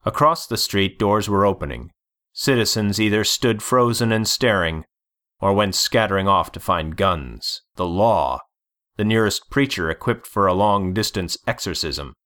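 A man reading a story aloud as narrator, deliberate and measured. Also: on the low side, a bit bright. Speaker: audiobook narrator. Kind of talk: scripted narration.

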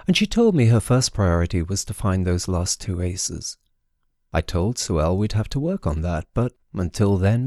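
Low-voiced man narrating wryly. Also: warm tone, no room sound, studio quality. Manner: wry, measured first-person storytelling. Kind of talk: scripted audiobook narration.

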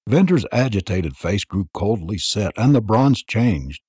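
A man reading an audiobook in a dramatic, expressive narration style. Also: lowish voice, measured pace, hardly any pauses, breathy edge, no room sound, clean studio sound.

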